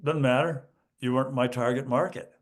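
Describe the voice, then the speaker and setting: A man, a guest educational consultant on a podcast, explaining speaking skills and acting out examples with lively emphasis. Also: medium pitch, a little fast. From United States. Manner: animated, demonstrates emphasis by acting out student lines. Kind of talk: podcast interview.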